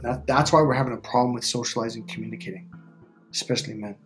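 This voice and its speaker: A man's voice: mid-range voice, steady tone, fast, soft background music. A middle-aged man talking casually as a relationship coach, emphatic and repetitive, swearing freely. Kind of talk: casual talk to camera.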